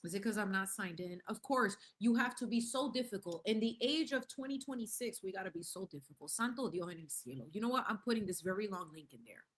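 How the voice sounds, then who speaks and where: Fast and with few pauses, a young adult woman with a medium-pitched, lively voice hosts a laid-back livestream, gushing over viewer comments, laughing frequently and adding Spanish phrases.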